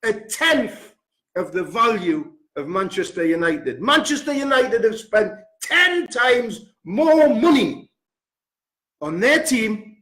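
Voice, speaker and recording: A man's voice: sits high, sing-song, takes it slowly, fairly bright tone. A man, ranting furiously about his football club, swearing and hammering the same figures again and again. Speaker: football fan pundit. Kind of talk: angry football rant. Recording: roomy echo.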